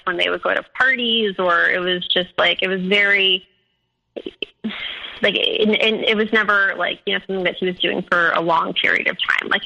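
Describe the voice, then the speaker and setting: Young woman, phone-like audio, gravelly edge, bright tone, hesitant retelling. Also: medium pitch. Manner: halting, many fillers and restarts. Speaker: guest sharing her story. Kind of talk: personal storytelling.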